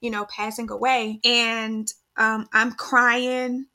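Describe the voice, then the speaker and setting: A woman's voice: a little high, little pitch movement, slow. A woman in her thirties, a podcast host, telling a personal story in casual chat and quoting others as she goes. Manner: storytelling, voice-quoting others, soft when grieving.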